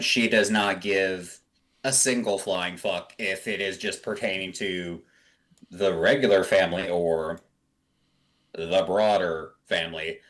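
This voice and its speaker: A man's voice: deep voice, a bit bright. A man playing in a tabletop role-playing game, talking bluntly and swearing freely. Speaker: player. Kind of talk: casual tabletop play.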